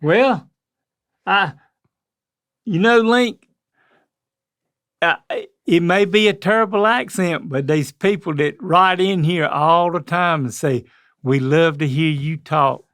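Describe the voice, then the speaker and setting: Co-host, older man, heavy North Carolina accent, rambling and chuckly, a bit high-pitched, dry sound. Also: slow pace, pauses often, fairly bright tone, no room sound. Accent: Southern US, North Carolina. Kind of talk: casual chat.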